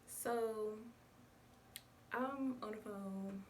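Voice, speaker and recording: A woman's voice: medium pitch, drawn-out words, a little mellow. A young woman chatting casually to her viewers, telling a story and calling them y'all. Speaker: vlogger. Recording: distant mic with faint background noise.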